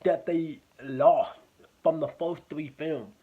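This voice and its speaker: Guy with a pretty high voice doing a rambly swear-heavy movie review, sounds tinny like over a phone. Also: fairly even intonation, slow, breathy edge. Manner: rambling, profane, repeats himself. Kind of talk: casual spoken movie review.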